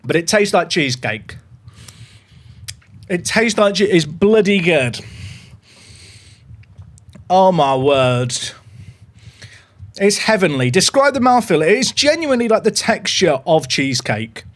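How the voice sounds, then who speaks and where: A young man hosting a casual livestream, chatty and excitable as he talks to his viewers. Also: high-pitched, normal speed. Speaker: livestream host.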